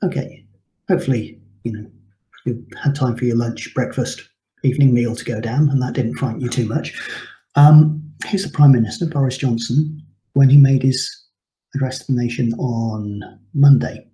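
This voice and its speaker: A man's voice: mid-range voice, fairly even intonation, moderate pace, dark tone. A man teaching a recorded English lesson, explaining terms patiently with frequent ums. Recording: echoey room.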